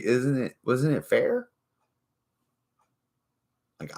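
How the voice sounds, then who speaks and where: A man with a low, deep voice rants loosely to his camera. He rambles, swears freely and mocks the people he talks about. The talk is loose and unscripted. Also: a little slow, long pauses. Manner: rambling, profane and mocking. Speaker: vlogger. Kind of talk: casual profane rant.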